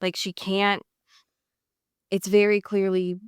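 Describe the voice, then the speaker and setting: A woman's voice: mid-range voice, level tone, slow, clean tone, no echo, clean studio sound. A woman co-hosting a podcast, chatting casually and wryly about a show she watched. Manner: chatty, wry, sighs and laughs while recapping. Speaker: podcast co-host. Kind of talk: casual chat.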